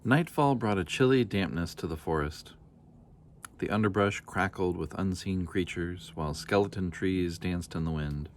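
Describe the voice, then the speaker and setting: A man with a low voice reading a children's picture book aloud, calm and measured. Faint noise sits under the reading. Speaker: storybook reader. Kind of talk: read-aloud children's story narration.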